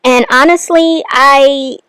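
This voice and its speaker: A woman's voice: high-pitched, steady tone, slow, a bit bright, no echo. A woman hosting a commentary channel, talking casually as she reacts to and explains clips.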